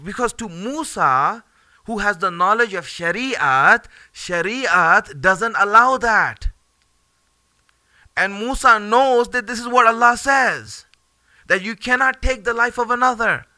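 An animated man retells a religious story as a sermon, in a conversational and lively delivery. His voice is sharp and tense, set a bit high, and it sounds dry and close. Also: slow, no room sound. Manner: animated, conversational, many fillers and laughs. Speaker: religious teacher.

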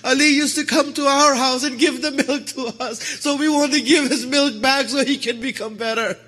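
Male preacher telling a story, earnest, repeats lines, very high bright voice, long hall echo. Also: steady tone, normal speed. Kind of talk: sermon storytelling. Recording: echoey hall.

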